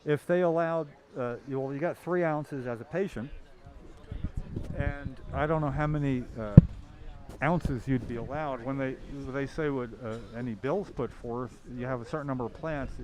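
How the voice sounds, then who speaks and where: A man's voice: medium pitch, fairly even intonation, normal speed, crowd noise. Rambling podcast host man. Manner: rambling, chuckling, restarts often. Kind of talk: casual chat.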